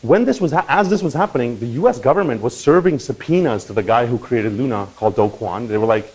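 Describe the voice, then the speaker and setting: A man hosting a crypto channel, talking in a casual, animated explainer style and often checking in with "right?" and "okay?". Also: medium pitch, quick pace, few pauses, slightly rough, low-quality recording. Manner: animated, swings into loud mock voices and profanity; conversational with frequent "right?" and "okay?".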